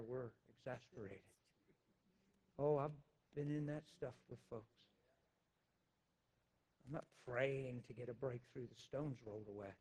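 A man preaching a personal testimony, emphatic and intense, swinging from loud declarations down to hushed, quiet recounting. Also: medium pitch, breathy edge. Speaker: pastor. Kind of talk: sermon testimony.

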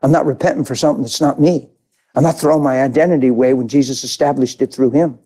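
A man preaching as a pastor, telling a story with a shift from hushed talk to shouted praise. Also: mid-range voice, fast talker. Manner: animated, swings from shouting to hushed. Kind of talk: sermon storytelling.

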